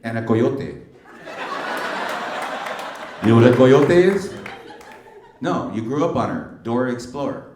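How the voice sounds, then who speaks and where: A man's voice: mid-range voice, very animated, measured pace, pauses often, noisy background. A middle-aged male stand-up comedian doing brash, teasing crowd work with plenty of slang. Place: comedy club stage. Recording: roomy club sound from a distance. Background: audience laughter.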